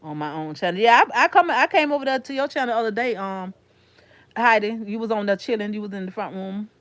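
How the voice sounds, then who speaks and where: A chatty woman with a Florida accent talks loosely to her live chat, calling viewers honey and sugar. Her voice sits at a middle pitch and sounds close and dry, with no room around it. She rambles casually from one thought to the next. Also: expressive, fast talker, fairly bright tone, no echo.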